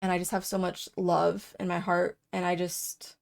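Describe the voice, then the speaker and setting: Speaking in a creaky, darkish, lowish voice with little pitch movement and a moderate pace, a young woman records an unedited personal vlog. Her talk is rambling and full of fillers, and she turns tearful and starts crying as the emotion comes through.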